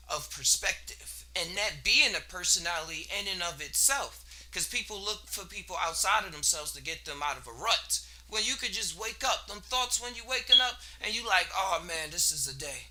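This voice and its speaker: Laughing between ideas, a male podcast host rambles through a casual solo monologue. His voice sits high and bright, and his easygoing musings lean on slang.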